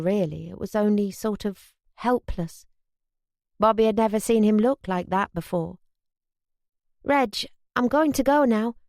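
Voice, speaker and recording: A woman reading a wartime novel as an audiobook narrator, steady and measured. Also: mid-range voice, no echo, studio quality. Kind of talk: scripted narration.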